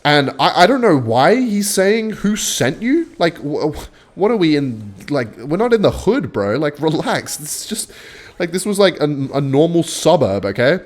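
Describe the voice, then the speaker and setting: A young man chatting excitedly while playing a game, mixing play-by-play commentary with a story. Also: mid-range voice. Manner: excitable, chatty, swings between hype and muttering. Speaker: gaming YouTuber. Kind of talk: live gameplay commentary with storytelling.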